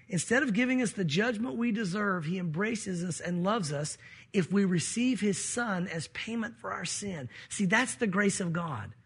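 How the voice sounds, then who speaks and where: A man's voice: high voice, fairly bright tone, husky. A man preaching a sermon, explaining scripture and acting out the quoted voices of the people in the story. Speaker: pastor.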